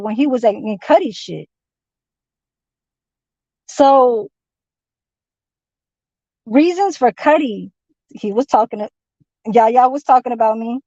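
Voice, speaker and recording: High-voiced woman on a profane rant. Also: a little mellow, dry recording, dull audio. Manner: rambling, profane, heated rant. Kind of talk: venting monologue.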